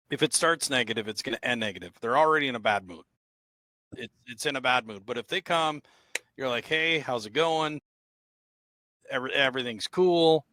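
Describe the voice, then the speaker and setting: A man co-hosting a podcast, explaining his point in a measured way with stumbling restarts. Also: medium pitch, pushed and bright, dry recording. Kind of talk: casual podcast chat.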